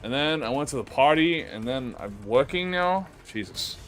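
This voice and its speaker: A young man chats on a live stream as he plays a game, his voice jumping all over the place as he swears and stumbles through restarts. He keeps insisting to chat that he's not upset. Game music plays clearly behind him. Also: medium pitch, normal speed. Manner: excitable, swears a lot, jumps to deny being upset; rambling, stammering restarts. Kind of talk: casual live-stream chat while gaming. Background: game music playing.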